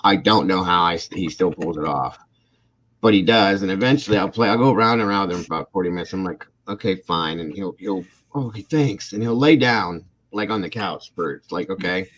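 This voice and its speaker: Deep-voiced man telling rambling stories. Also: a little fast, fairly bright tone. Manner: rambling, self-deprecating storytelling. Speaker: channel host. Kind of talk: casual livestream chat.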